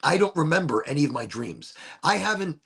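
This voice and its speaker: A man hosts a casual show and muses on spiritual ideas while smoking. His voice is gravelly and husky and sits a little high for a man. He rambles and circles back to repeat his own phrases. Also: very animated, fairly quick, a bit bright. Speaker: podcast host.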